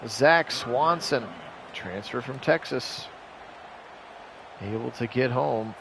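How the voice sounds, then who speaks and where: A man calling a simulated football game on his own, jumping up loud on big plays and chatting with viewers in between. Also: mid-range voice, takes it slowly, vocal fry, noisy background. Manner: rises sharply and loud for big plays, chatty asides to live chat. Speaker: play-by-play host of video game sims. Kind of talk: solo play-by-play commentary on a simulated game.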